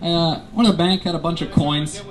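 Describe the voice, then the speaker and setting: A male stand-up comedian doing self-mocking, deadpan bits for commuters on an airport tram. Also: on the high side, brisk, low-quality recording. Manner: self-mocking, wraps up the show again and again.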